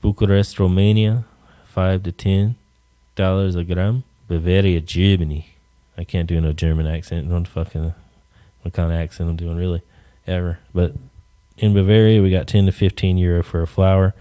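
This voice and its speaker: Male podcast host, smooth voice, dry close sound, loose profane rambling rant. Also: low voice, flat delivery, moderate pace, mellow, no echo. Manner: rambling, profane, jokey asides. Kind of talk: casual solo rant.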